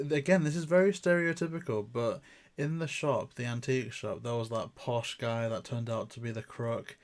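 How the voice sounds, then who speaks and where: Jokey man from the UK co-hosting a review. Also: mid-range voice. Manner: animated, jokey, stumbles over words. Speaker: podcast co-host, reviewer. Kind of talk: casual review chat.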